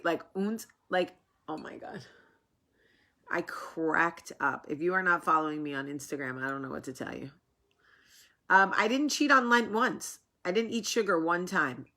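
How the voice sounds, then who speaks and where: A woman hosting a casual vlog, talking to camera in a rambling, animated way, with a sore, swollen face after dental work. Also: on the low side. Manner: chatty, rambling, animated asides. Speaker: vlog host.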